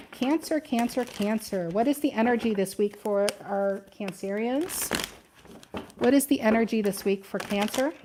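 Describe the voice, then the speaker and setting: A woman's voice: mid-range voice, noisy background. A woman doing a casual tarot reading, chatty and thinking aloud, often repeating her questions to the cards. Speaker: tarot reader.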